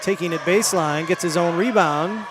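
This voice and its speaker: A man with a Michigan accent calling a high school basketball game play by play, quick and rising for big plays. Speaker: play-by-play announcer. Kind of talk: live basketball commentary. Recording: gym ambience, bouncing ball noise.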